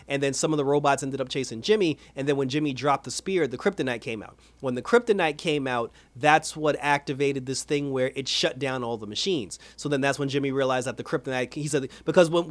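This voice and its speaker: A man casually recapping and reviewing an animated episode. He is animated, laughs often and acts out the characters' lines. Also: medium pitch, no room sound. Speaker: show reviewer.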